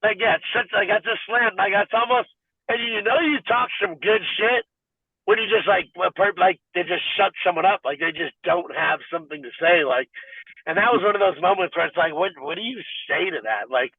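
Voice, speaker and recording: Male podcast guest, high and dry, rambling chatter over a tinny phone-like line. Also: a little fast, slightly rough, no room sound. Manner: rambling and animated, heavy filler "like". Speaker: podcast guest, fighter and wrestler. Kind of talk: casual interview chat.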